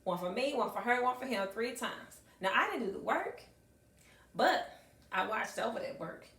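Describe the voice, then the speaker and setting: A woman's voice: on the high side, lively intonation, moderate pace, a bit bright. Emphatic woman teacher in an echoey room. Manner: emphatic, acts out dialogue, repeats phrases for effect. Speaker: high school math teacher and speaker. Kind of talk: storytelling talk to an audience. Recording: echoey room, mic at a distance.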